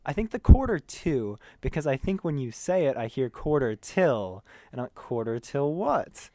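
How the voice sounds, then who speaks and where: An American man, a tour manager, chatting in an interview in an animated, joking way. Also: mid-range voice, normal speed, no room sound. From United States. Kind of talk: casual interview chat.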